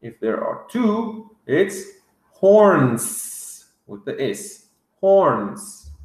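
A man teaching English words to young children, drilling each word slowly with excited gasps. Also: a little high, echoey room. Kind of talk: vocabulary lesson for kids.

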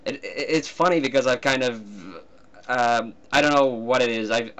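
Man chatting, halting and amused. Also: medium pitch, fairly even intonation, a bit bright. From Finland. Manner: hesitant, often laughing between thoughts. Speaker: guest cartoonist. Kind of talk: casual commentary chat.

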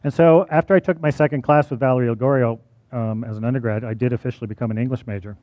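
A man's voice: medium pitch, fairly even intonation, very fast, no echo, muffled recording. A male college teacher giving a personal talk to an audience, conversational and often checking in with "right?".

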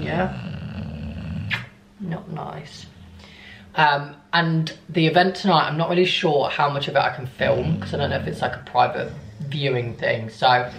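A young man vlogging in a casual, animated way, telling an upsetting story. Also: a little high, gravelly, a little hiss or hum. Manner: animated, upset storytelling, cooing softly to his dog. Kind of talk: casual vlog chat. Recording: echoey room.

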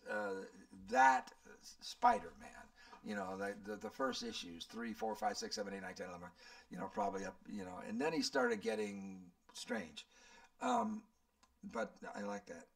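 A man's voice: on the high side, vocal fry, recorded from a distance. A man in his seventies, a channel host, rambling and thinking aloud as he answers viewer questions. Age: 70s. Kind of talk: casual Q&A chat.

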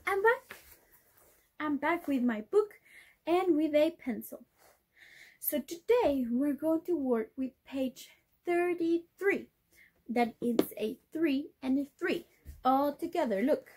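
A woman's voice: high voice, expressive, slow, warm tone, slight background noise. A woman teaching a video class to young children, drawing out key words in a sing-song way for them to repeat. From Chile.

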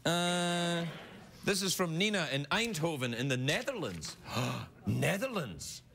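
A Scottish male talk show host does a playful late-night comedy bit in a TV studio with a live audience, laughing through his lines with goofy asides. His voice is fairly high and sing-song, and he takes it slowly. Loud audience noise fills the recording.

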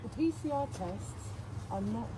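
A woman's voice: fairly high pitch, animated, normal speed, dark tone, poor audio. A woman arguing pointedly on a street, repeating her points, recorded on a handheld phone. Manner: pointed, argumentative, repeats phrases. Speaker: protester. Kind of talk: heated street argument.

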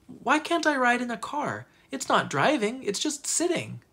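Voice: mid-range voice, sing-song, moderate pace, a bit bright, slightly rough, voice pushed up. A storybook reader voicing a shy young girl who pleads and hesitates. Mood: pleading.

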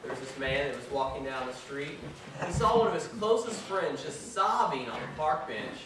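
Pastor preaching in an echoey church. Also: male voice, fairly high pitch, big pitch swings, normal speed. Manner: joking, self-deprecating storyteller. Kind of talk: sermon. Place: church sanctuary. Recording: echoey church from far off, with noise.

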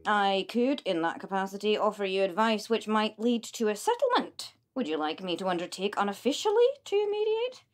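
A woman's voice: medium pitch, big pitch swings, normal speed, few pauses, natural voice. A woman voicing a formal male head of a corporation who speaks in a pompous, officious way with a hint of menace. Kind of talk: radio comedy drama.

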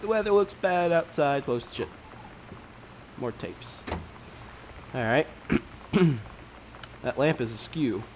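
A man's voice: fairly high pitch, very animated, slow, long pauses, slight background noise. A man giving casual gameplay commentary, muttering offhand remarks, humming, swearing and reading items aloud. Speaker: game commentator.

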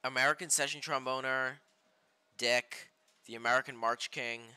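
A young man streaming a game live, reacting with loud outbursts and reading game text aloud. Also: medium pitch, steady tone, normal speed, smooth. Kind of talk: live gameplay commentary. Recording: game music behind voice.

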